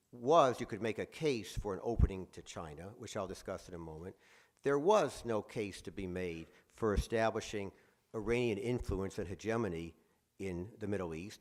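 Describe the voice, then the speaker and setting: A man speaking as a guest author, giving a conversational talk with frequent fillers and restarts. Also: fairly low pitch. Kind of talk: lecture-style talk. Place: presentation room at a museum.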